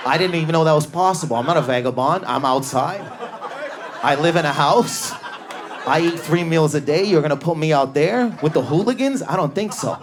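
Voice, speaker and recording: A man performing stand-up comedy in a club, telling stories in an animated way and acting out his family members. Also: fairly high pitch, brisk, background noise. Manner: animated storytelling, acts out family members, grows loud and excited.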